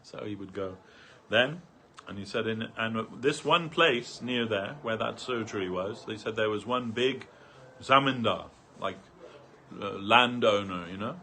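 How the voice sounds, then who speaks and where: A man's voice: lowish voice, a little slow, bright, forceful tone, slight background noise. A man speaking at a devotional gathering, telling a long anecdote through many quotes, with frequent fillers and restarts. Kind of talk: storytelling talk.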